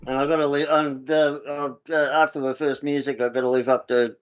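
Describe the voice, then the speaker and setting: A co-host on a live comedy chat show, chatting casually and mostly backing up the main host with quick replies. The voice sits at a middling pitch, and the recording comes through dull and lo-fi. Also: level tone, clean tone. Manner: short agreeing replies, casual. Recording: dull lo-fi sound.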